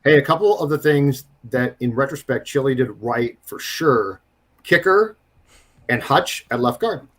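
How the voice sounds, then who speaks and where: Husky-voiced guy, gets loud and emphatic, podcast co-host chatting football. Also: medium pitch, expressive, unhurried. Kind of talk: casual sports chat.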